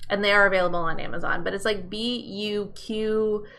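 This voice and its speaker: A woman's voice: mid-range voice, fairly even intonation, normal speed, a bit bright. A woman hosting a live nail tutorial stream, chatting in an upbeat way and greeting viewers by name. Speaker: nail tutorial livestream host.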